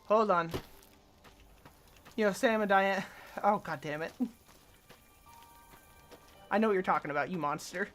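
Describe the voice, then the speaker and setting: A woman's voice: mid-range voice, a little slow, long pauses, soft background music. A woman streaming a game with casual, crude, joking commentary and frequent sighs.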